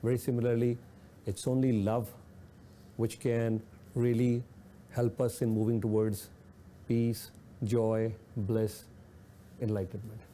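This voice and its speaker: A man's voice: mid-range voice, flat delivery, slow pace, pauses often, dark tone, slight background noise. A man hosting a radio talk show, speaking earnestly and repeating points for emphasis. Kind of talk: reflective talk radio discussion.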